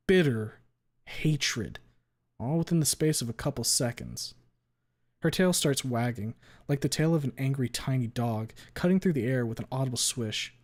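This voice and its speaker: A man reading a fan story aloud on a stream, expressive, with small stumbles. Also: mid-range voice.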